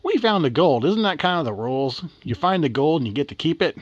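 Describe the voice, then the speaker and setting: Man voicing a reluctant teenage girl, flat, level-headed, dull dry recording. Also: a little high, fairly quick, dry recording, voice pushed up. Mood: firm.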